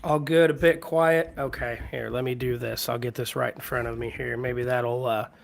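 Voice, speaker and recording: A man hosting a casual live stream from home, hoarse from a cold and keeping his voice low, rambling as he greets viewers by name. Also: steady tone, moderate pace. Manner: keeps voice low to spare it. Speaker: livestream host. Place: at home with hardwood floors.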